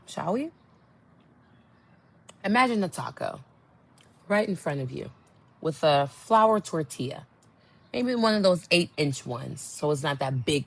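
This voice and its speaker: A young woman hosting a podcast, telling a candid story in a blunt, exasperated way, dropping to low murmurs and jumping to high outbursts. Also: a bit bright. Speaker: podcast host.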